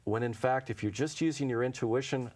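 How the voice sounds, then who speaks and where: A man's voice: mid-range voice, a little fast, darkish tone. A man being interviewed as an intuition teacher, telling stories in a casual, anecdotal way and acting out the dialogue with frequent chuckles. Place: local TV studio.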